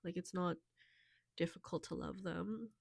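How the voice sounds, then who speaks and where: A young woman talking softly and haltingly in a personal vlog, tearful and emotional, with many fillers. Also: on the low side, creaky, no echo, clean studio sound. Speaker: vlogger.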